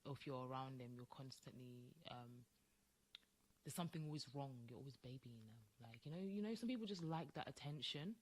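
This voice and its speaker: A woman's voice: rumbling low, brisk. A woman co-hosting a podcast in casual chat, talking emphatically and acting out quoted voices. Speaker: podcast co-host.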